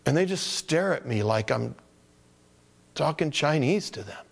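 Male pastor, conversational sermon, fairly high voice, long hall reverb. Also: lively intonation, unhurried, vocal fry. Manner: conversational storytelling, acting out callers' voices.

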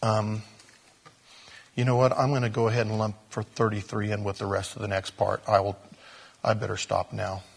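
A man preaching a sermon, telling a story with animated, emotional delivery and ending in prayer. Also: lowish voice, moderate pace, vocal fry, husky. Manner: animated storytelling, whispers and laughs, prayerful close. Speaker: pastor.

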